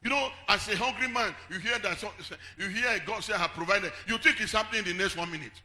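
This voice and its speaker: A man preaching a sermon as pastor, singing some phrases and shouting others, then dropping low to tell stories. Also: quick pace.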